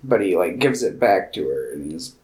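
A man co-hosting a casual film podcast, calmly filling in plot points. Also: deep voice, normal speed, reverberant. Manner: laid-back, agreeing, filling in plot points. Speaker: podcast co-host.

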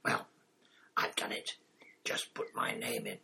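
A man reading aloud, voicing a confident older schoolgirl in a quiet, offhand way. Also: mid-range voice, big pitch swings, normal speed, a little hiss or hum.

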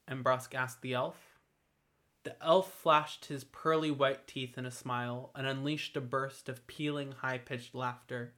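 Bright-voiced man narrating fantasy. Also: mid-range voice. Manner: steady, measured storytelling.

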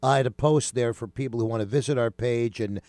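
A man's voice: mid-range voice, quick pace, darkish tone, dry recording. A man hosting a radio show, leading a folksy, chatty conversation with his guest. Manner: folksy, chatty, leads with questions. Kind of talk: casual on-air chat.

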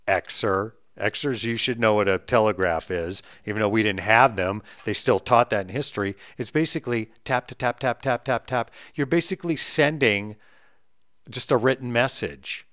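Man, middle-aged, blunt profane rant, loud then muttering, dry close sound. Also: a little slow, no echo. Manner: blunt and profane, swings between loud outbursts and low mutters. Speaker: vlogger ranting on camera. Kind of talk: heated monologue rant.

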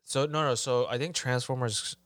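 A man's voice: medium pitch, moderate pace, fairly bright tone, no echo. A man in a casual group chat, speaking tentatively and often checking his facts.

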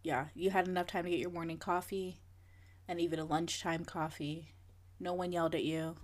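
A woman's voice: fairly low pitch, flat delivery, normal speed. A woman in her twenties co-hosting a podcast, chatting in a laid-back way and laughing easily. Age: 20s. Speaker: podcast co-host. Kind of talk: casual chat.

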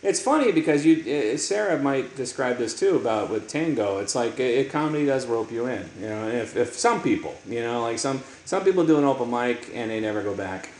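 A man's voice: mid-range voice, expressive, a little mellow. A man hosting a podcast, talking in casual chat with lots of stops and restarts. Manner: halting, many restarts, laughs a lot. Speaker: podcast host. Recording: echoey room with faint noise.

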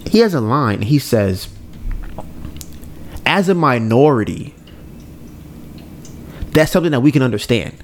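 A man hosting a podcast, retelling a scene in a casual, animated way, acting out lines and often adding "right?". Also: mid-range voice, fast, hardly any pauses, slight background noise. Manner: frequent "right?" tag questions. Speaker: podcast host. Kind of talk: casual storytelling recap.

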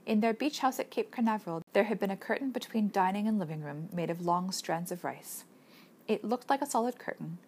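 A woman reading a novel aloud as an audiobook narrator, in steady, measured storytelling. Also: mid-range voice, breathy edge. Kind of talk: scripted narration.

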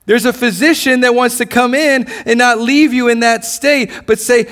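A man's voice: extremely high pitch, fairly even intonation, moderate pace, hardly any pauses, fairly bright tone. A man preaching a sermon in a church service, passionate, asking the congregation repeated questions and often restarting his phrases. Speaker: pastor.

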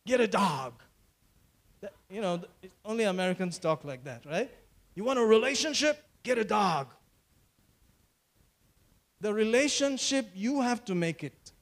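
High-voiced preacher, repetitive cadence. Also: male voice, expressive, unhurried, pauses often. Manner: preacherly, repeats phrases, calls for amens. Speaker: pastor. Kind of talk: sermon.

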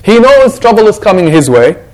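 A male imam gives a Quran reflection in a lively, conversational way. His voice sits high and rises and falls a great deal. He often breaks into the voices of the people he quotes. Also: moderate pace, low-quality recording. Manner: animated, conversational, acts out quotes. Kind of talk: Quran reflection talk to a congregation.

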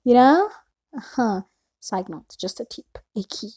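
A woman's voice: on the high side, very animated, unhurried, darkish tone, breathy edge. A young woman talking casually to her camera at home, rambling on with lots of fillers. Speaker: vlogger.

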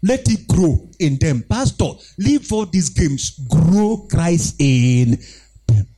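Man preaching to his congregation: high-pitched, very animated, repeats his points and calls for responses. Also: slow. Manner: exhorting, call-and-response with the congregation; emphatic, repeats phrases. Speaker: pastor. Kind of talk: preaching a sermon.

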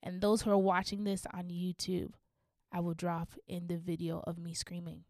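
A young woman hosting a podcast, telling a story casually and animatedly, dropping to a hush and rising to shrieks, laughing through it. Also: on the low side, moderate pace, dry recording, clean studio sound. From Canada. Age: young adult. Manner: animated, swings from hushed to shrieking. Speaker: podcast host.

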